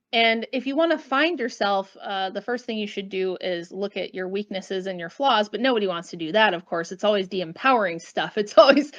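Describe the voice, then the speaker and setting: A woman's voice: fairly high pitch, dull audio. An American woman, a guest author, giving blunt, emphatic opinions in an interview with casual asides. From United States.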